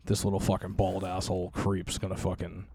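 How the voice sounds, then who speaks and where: A young man with a low, gravelly voice co-hosts a casual podcast. His tone is dark and mellow, and he rambles through stories with plenty of swearing. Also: completely flat delivery, a little fast, slight background noise. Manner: rambling, profane storytelling. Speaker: podcast co-host.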